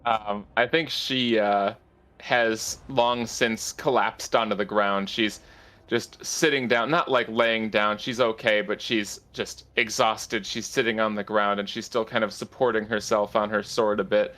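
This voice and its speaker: Bright-voiced man as game master. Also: on the low side, steady tone, measured pace. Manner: descriptive, with frequent restarts and fillers. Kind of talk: narrating a tabletop game.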